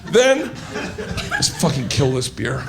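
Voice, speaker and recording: A man telling a brash, profane story as a stand-up comedian, in a played clip with loud background noise. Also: medium pitch, huge pitch swings, takes it slowly, vocal fry.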